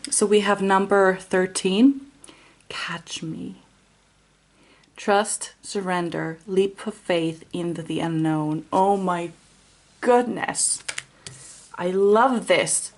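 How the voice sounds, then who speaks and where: Woman tarot reader, lowish creaky voice, gentle, hesitant delivery. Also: slight background noise. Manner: gentle, musing, many fillers and restarts. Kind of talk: intuitive tarot reading to camera.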